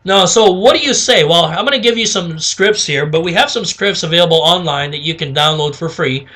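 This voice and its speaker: A high-pitched man runs a casual sales lesson. His voice is bright and forward, and he keeps checking in with "okay?" while acting out little phone calls. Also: fairly quick. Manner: chatty, repeats "okay?", acts out sample phone calls. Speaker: sales trainer. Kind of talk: casual instructional talk.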